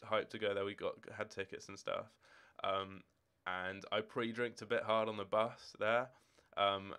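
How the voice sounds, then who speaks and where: Smooth-voiced young man chatting on stream. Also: on the low side, fairly bright tone. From Scotland. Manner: rambling, chatty, answering chat questions as they come. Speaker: game streamer. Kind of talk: casual live-stream chat. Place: home room with football shirts and drawers.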